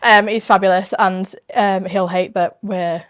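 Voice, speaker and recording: A woman's voice: mid-range voice, fairly even intonation, a little slow, fairly bright tone. Yorkshire woman, podcast host, chatty and bubbly, laughs easily. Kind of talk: casual podcast chat.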